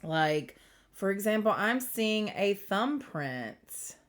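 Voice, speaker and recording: A woman talks through a spiritual reading straight to a close camera, wandering from thought to thought and breaking into giggles. Her pitch rises and dips expressively while her pace stays slow and unhurried. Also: sing-song. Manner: rambling, giggly, self-interrupting. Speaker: spiritual reader. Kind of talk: casual intuitive reading to camera. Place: indoors under bright light. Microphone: camera close to the face.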